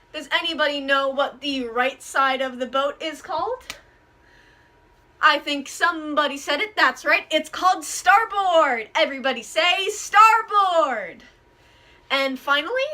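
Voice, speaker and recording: A woman's voice: sits high, pushed and bright. A woman hosting a pirate-themed children's event, leading scripted call-and-response in an exaggerated, upbeat, instructive way.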